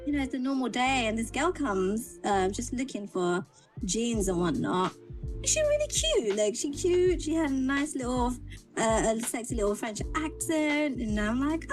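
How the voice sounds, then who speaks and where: A young British woman in casual chat, telling a story with animated quoted voices. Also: fairly high pitch, normal speed, faint music behind. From Britain. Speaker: guest.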